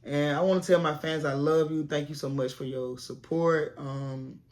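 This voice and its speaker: A woman's voice: low voice, steady tone, moderate pace, darkish tone. A woman, a former teacher turned content creator, giving casual, plainspoken advice straight to camera from a classroom set at home.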